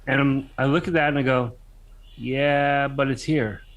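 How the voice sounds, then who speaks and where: A man's voice: mid-range voice, fairly even intonation. A man in a casual live chat who probes with questions and challenges points. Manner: probing, questioning, quick to challenge.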